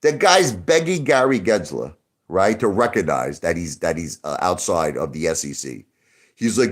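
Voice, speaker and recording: A man hosts a casual livestream, ranting straight at his viewers. His voice sits low but swings wildly in pitch, from booming outbursts to near-mutters. He sounds swaggering and profane, like he's holding court. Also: big pitch swings, unhurried. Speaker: YouTube livestream host.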